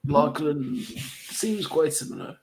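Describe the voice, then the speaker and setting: A man's voice: a little high, very animated, slow, gravelly, darkish tone, slight background noise. A man playing a tabletop character, speaking politely with formal phrasing. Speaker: player.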